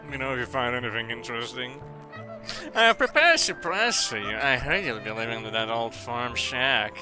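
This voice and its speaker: A man's voice: mid-range voice, animated, fairly quick, over music, close to an everyday voice. A man voicing a polite female fox who is an estate caretaker in a game, reading her formal dialogue. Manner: formal, welcoming game dialogue read aloud.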